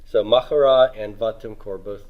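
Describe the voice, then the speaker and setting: In a muffled recording, a middle-aged man with a lowish voice teaches Hebrew grammar during a homework review. He answers his own questions and draws words out slowly.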